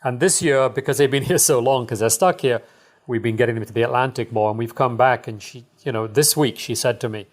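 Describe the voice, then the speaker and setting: A man's voice: mid-range voice, a little fast. Enthusiastic middle-aged man telling dive stories. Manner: rambling and enthusiastic, many fillers, chuckles often. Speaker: dive shop owner, guest. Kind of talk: casual storytelling interview.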